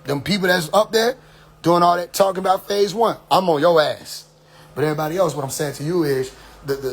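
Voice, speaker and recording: Middle-aged male leader, preachy address, fairly high voice, faint hum behind. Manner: preachy, repeats "you see?". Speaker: community leader addressing followers. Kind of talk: casual spoken address.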